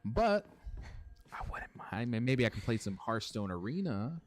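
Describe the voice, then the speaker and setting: Young dude streaming a game, swears a bit, chats with viewers, average pitch. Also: male voice, big pitch swings, normal speed. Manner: chatty, swears, answers chat. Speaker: gaming streamer. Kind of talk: casual let's-play commentary.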